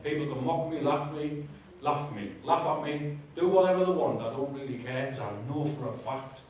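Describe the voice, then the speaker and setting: A man sharing his testimony in a church, with animated, self-mocking storytelling and asides to the audience. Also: on the high side, moderate pace, a little hiss or hum. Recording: echoey church hall, distant mic.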